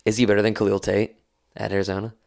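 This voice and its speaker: A man co-hosting a casual sports podcast, talking in a slangy, animated way and acting out quotes. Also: lowish voice, rapid-fire, gravelly. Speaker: podcast co-host.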